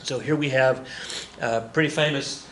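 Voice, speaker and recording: A man's voice: medium pitch, fairly even intonation, moderate pace, fairly bright tone, roomy sound, slight background noise. A male history teacher giving a casual, joking classroom lecture, often correcting himself as he talks to his students.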